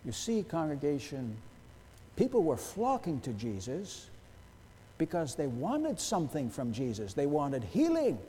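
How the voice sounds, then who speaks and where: Male pastor, higher voice, very animated delivery, sermon with long church echo. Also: measured pace, slight background noise. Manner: emphatic, rhetorical questions, wide swings in loudness. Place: church sanctuary.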